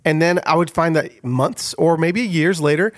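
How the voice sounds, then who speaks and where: A middle-aged man telling a personal story as an author being interviewed, in an animated, expressive way. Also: fairly high pitch, normal speed, no echo, clean studio sound.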